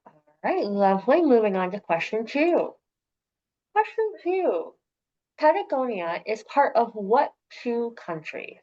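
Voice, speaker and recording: A woman's voice: medium pitch, very animated, normal speed, a little mellow. Woman reading quiz options twice, voice goes up and down a lot, muffled sound. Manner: reads every question and its options twice, lightly joking. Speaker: trivia quiz host. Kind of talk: reading multiple-choice questions.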